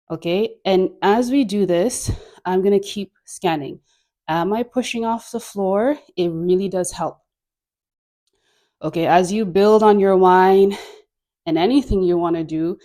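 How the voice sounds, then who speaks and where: A dance instructor leads a guided class in a mid-range, slightly mellow voice. She's chatty and encouraging, laughs often and fills her talk with "like."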